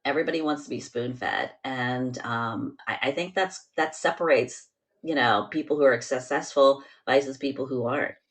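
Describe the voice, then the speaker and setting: A woman's voice: extremely low pitch, moderate pace. A woman hosting a podcast, talking bluntly and with exasperated asides in casual chat. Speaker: podcast host.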